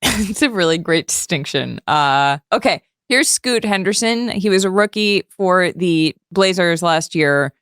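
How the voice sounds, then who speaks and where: A woman's voice: lowish voice, lively intonation, unhurried, few pauses, a bit bright, smooth, no echo, clean studio sound. A woman co-hosting a comedic sports talk show, wry and upbeat, laughing often. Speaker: co-host.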